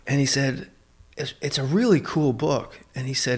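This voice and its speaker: A man chatting as a guest on a podcast, rambling and joking, slipping into quick put-on voices. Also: medium pitch, slightly rough. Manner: rambling, jokey, acts out voices in quick asides. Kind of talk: casual chat.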